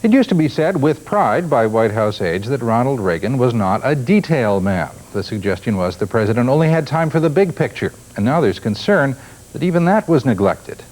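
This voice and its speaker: A man presenting news, reading scripted lines in a measured, expressive way. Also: mid-range voice, rough recording. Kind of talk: scripted broadcast narration. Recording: 1980s TV broadcast off tape.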